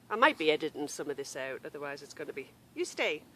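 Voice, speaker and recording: A woman's voice: sits low, animated, normal speed, sharp tone, slight background noise. A woman hosting a knitting podcast from outdoors in a grassy yard, chatting casually and apologising for interruptions. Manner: chatty and apologetic, breaking off to call a wandering dog.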